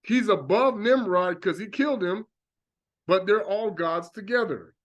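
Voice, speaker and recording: High-voiced man preaching animatedly. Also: measured pace. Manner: animated, acts out reactions in exclamations. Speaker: religious teacher. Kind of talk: preaching monologue.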